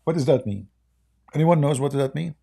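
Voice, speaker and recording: A man hosting a casual livestream chat, mocking and sarcastic, with a voice going hoarse. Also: a little high, animated, brisk, mellow. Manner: mocking, sarcastic banter with frequent laughter. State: hoarse, losing his voice. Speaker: livestream debate host. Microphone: close desk microphone.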